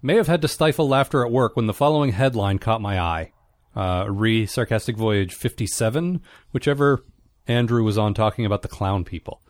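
A man's voice: fairly low pitch, brisk. A man hosting a podcast in casual, rambling chat. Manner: rambling, laughing. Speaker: podcast host.

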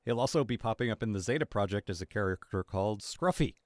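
A man's voice: lowish voice, expressive, quick pace, no room sound. A man co-hosting a podcast, reviewing a cartoon in casual chat with exasperated, cynical rants. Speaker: podcast co-host.

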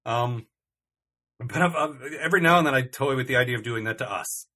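A man's voice: medium pitch, fairly quick, bright, forceful tone. A man co-hosting a comedy podcast, chatting casually in a rambling, self-interrupting way with dry, complaining humor. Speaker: podcast co-host.

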